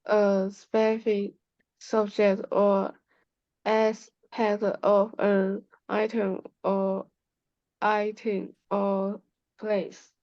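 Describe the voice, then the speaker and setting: Very slow, hesitant female learner, flat tone, somewhat muffled sound. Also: medium pitch. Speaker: language student.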